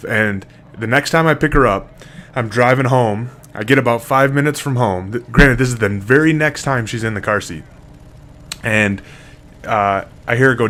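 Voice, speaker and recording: A man's voice: medium pitch, moderate pace, fairly bright tone. A man casually telling a rambling story to camera, full of fillers, restarts and swearing. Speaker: single father vlogger.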